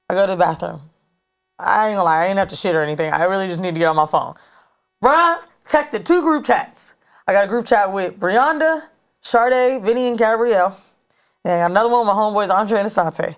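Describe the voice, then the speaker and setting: A woman in her thirties telling a story in casual chat as a podcast co-host, animated and slangy, recorded in a studio. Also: medium pitch, brisk. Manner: animated, slangy, dramatic retelling.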